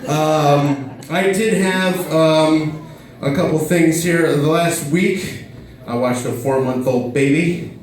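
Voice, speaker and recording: A man's voice: a little high, slow pace. Rambling man in his thirties, echoey room. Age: 30s. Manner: rambling, self-deprecating, with many fillers. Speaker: stand-up comedian. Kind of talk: stand-up comedy set. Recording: very echoey room, mic far off.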